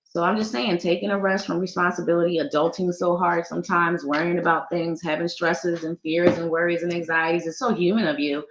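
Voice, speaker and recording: A woman's voice: fairly low pitch, brisk, few pauses, background noise. A middle-aged woman, a psychic giving a casual, playful live-stream tarot reading and chatting with viewers. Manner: animated, playful, chatty, talks to viewers as y'all. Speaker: psychic reader. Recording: roomy, dull lo-fi stream audio.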